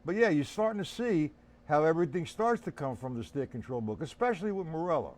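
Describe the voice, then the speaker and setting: A man runs a live-streamed drum lesson with a lively, up-and-down voice pitched slightly high. He talks casually and bluntly, checking in with viewers by name as he breaks down sticking patterns. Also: quick pace. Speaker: drum teacher.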